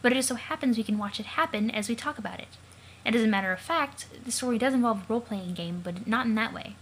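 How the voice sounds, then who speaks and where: A woman voicing a calm, knowing young woman who patiently explains, for a let's play of a comic. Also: a little high, quick pace, a little hiss or hum, close to an everyday voice, poor audio.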